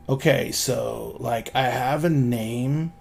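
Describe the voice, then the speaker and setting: A towering, bone-thin male fae creature murmurs barely above a whisper in a tabletop game, as a man puts him on. He is soft-spoken and sheepish, never raising his voice, with the flat, easygoing drift of someone who thinks nobody notices him. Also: mid-range voice, vocal fry, slight background noise. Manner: soft, mumbling, apologetic. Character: towering skeletal pale male fae, timid and laid-back.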